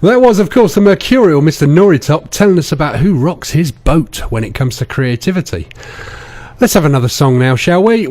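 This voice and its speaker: A man's voice: mid-range voice, darkish tone. A man presenting a radio music show, linking songs in a chatty, playful way.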